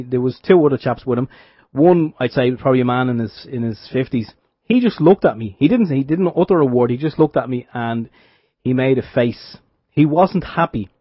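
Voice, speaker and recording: A man's voice: medium pitch, dry recording. An Irish man co-hosting a radio show, telling a wry story in casual chat with frequent restarts. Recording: dull dry radio sound.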